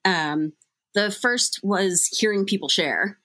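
A woman's voice: mid-range voice, slow, bright, forceful tone. A young adult woman sharing a candid recovery story in casual, self-deprecating talk full of fillers.

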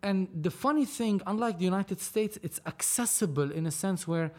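High-voiced man, animated. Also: normal speed. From Lebanon. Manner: animated, repeats himself, mixes in Arabic. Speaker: podcast guest, entrepreneur. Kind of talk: casual conversation.

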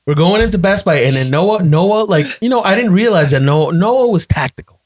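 Animated man telling a story. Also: high-pitched, fairly quick. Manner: animated, repeats phrases, acts out quotes. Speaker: podcast guest, storyteller. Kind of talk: casual chat, anecdote.

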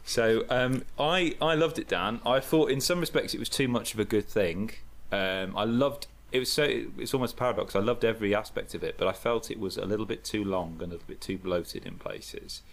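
A man's voice: on the low side, brisk, few pauses. A man co-hosting a casual podcast, chatty and jokey, gushing as he talks. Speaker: podcast co-host.

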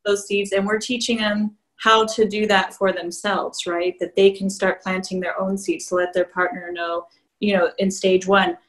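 A woman's voice: medium pitch, flat delivery, normal speed, rough recording. Woman therapist explaining with easy laughs. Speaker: couples therapist co-host. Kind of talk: conversational podcast discussion.

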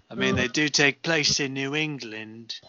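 A man co-hosting a crude comedy podcast, playful and quick to laugh. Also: mid-range voice. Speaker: podcast co-host. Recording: dull lo-fi audio with music underneath.

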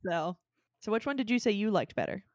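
A woman's voice: mid-range voice, animated, a little fast, no room sound, studio quality. A woman co-hosting a casual podcast chat, easygoing and giggly. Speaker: podcast co-host.

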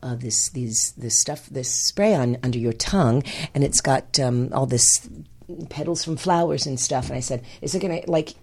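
A woman's voice: rumbling low, moderate pace, darkish tone, husky. An older woman, a guest on a comedy podcast, chatting and telling stories, acting out the people she quotes. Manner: chatty storyteller, acts out quotes. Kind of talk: casual comedic banter.

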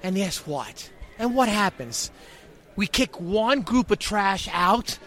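A man cutting a wrestling promo in an interview, fired up and emotional, shouting and repeating himself. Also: high voice, very animated, takes it slowly. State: hurting, emotional. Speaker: pro wrestler.

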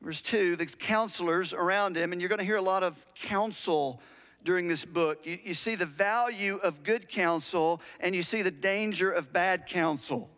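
High-voiced preacher in a reverberant hall. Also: male voice, normal speed, fairly bright tone. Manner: conversational storytelling preacher, asks the audience questions. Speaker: pastor. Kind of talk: sermon.

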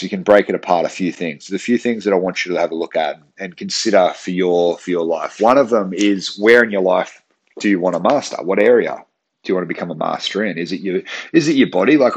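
A man's voice: sits low, breathy edge. A man hosting a podcast as a strength coach and gym owner, talking earnestly in casual solo chat, restarting phrases and checking in with "right?".

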